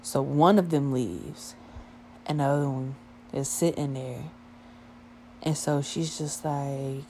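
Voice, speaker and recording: Low-voiced woman telling a casual story. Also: slow, pauses often, a little hiss or hum. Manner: profane, slangy and lively storytelling.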